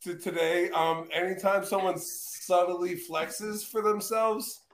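A man's voice: sits high, steady tone, slow pace, slight background noise. A tipsy man co-hosting a podcast, teasing and crude in casual chat. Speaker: podcast co-host. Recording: echoey room.

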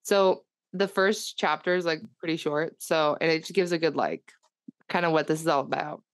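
A woman's voice: sits low, moderate pace, dry recording. A young woman hosting a casual chat, reading fan fiction aloud and often laughing. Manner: animated, laughs often, slips into silly character voices. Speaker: podcast co-host.

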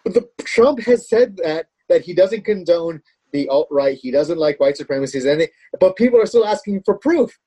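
A man talking politics on a talk show in a measured way, often restarting his sentences. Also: fairly high pitch, expressive, dark tone, slightly rough, low-quality recording.

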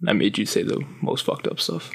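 A man's voice: a little fast, a bit bright. A man co-hosting a podcast, chatting casually with friends in a laid-back way. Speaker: podcast co-host. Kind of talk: casual chat.

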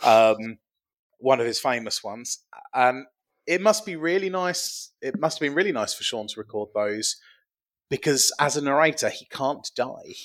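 A man's voice: mid-range voice, animated, normal speed, fairly bright tone. A man co-hosting a podcast in casual chat, riffing in a playful, rambling way. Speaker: podcast co-host.

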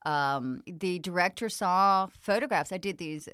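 A woman's voice: on the low side, measured pace, clear, resonant tone, no echo, studio quality. A middle-aged woman with a Southern American accent, telling stories in an interview with lots of laughter and acted-out quotes. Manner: animated storyteller, acts out quoted lines, laughs often. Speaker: actress, interview guest. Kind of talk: casual interview chat.

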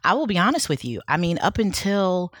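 A woman's voice: lowish voice, big pitch swings, a little fast, a bit bright, dry recording, studio quality. A woman author and professor talking candidly as a guest in an interview, thinking aloud as she goes. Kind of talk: casual interview conversation.

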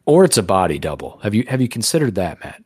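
A man's voice: on the low side, big pitch swings, fast talker, darkish tone, slightly rough, dry recording, clean studio sound. A man hosting a podcast in casual chat, crude, rambling and joking. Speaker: podcast host.

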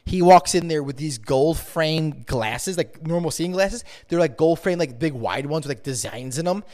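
A man co-hosting a podcast in casual chat, rambling and swearing freely in an animated way. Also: a little high. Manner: rapid, animated, profane rambling. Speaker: podcast co-host.

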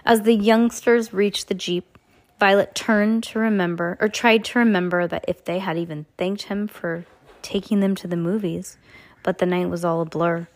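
A woman's voice: mid-range voice, fairly even intonation, moderate pace. A woman reading a children's novel aloud on her podcast, often stumbling and correcting herself and adding chatty asides.

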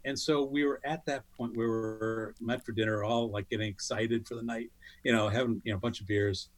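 A middle-aged man telling a lively story in casual chat, acting out what people said in a higher voice. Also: brisk. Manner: animated, acts out quotes in a higher voice. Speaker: guest storyteller. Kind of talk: casual anecdote on a podcast.

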